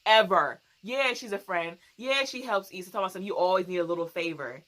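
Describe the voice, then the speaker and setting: A woman's voice: fairly low pitch, expressive, quick pace, fairly bright tone. A young woman hosting a casual TV recap, talking in an emphatic, slangy way and repeating her points for effect. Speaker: TV recap host.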